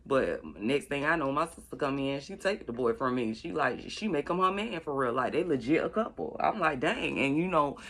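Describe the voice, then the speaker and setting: A middle-aged woman from Florida tells a long, rambling story in a casual vlog. Her voice is bright and clear, and she stretches some words out slowly for emphasis as she talks. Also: low-pitched, lively intonation. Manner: rambling, chatty, drawls words out slowly for effect. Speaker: vlogger. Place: at home doing makeup.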